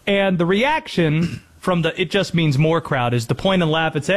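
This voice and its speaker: A man's voice: fairly high pitch, moderate pace, few pauses. A man hosting a sports talk show, arguing about college football with a sarcastic, mocking tone. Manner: sarcastic, mocking rival fans. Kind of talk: casual college football debate.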